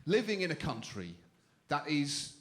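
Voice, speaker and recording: A British man hosting a stand-up show, delivering jokes with dry deadpan timing on a club stage. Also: fairly high pitch, a little slow. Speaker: comedy show host. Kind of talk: stand-up comedy. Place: comedy club stage with live audience. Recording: laughing crowd and room noise.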